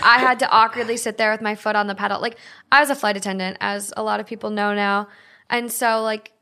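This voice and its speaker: A woman's voice: mid-range voice, steady tone, fast, pushed and bright. A woman hosting a casual podcast chat, reading stories aloud with candid laughter. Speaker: podcast host.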